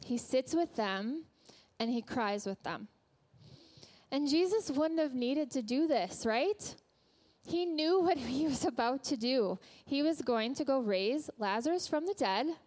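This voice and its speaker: A woman preaching in a church with an earnest, gentle storytelling manner. Her voice sits a little high, and she speaks slowly and deliberately, lingering over each phrase. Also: animated. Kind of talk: sermon.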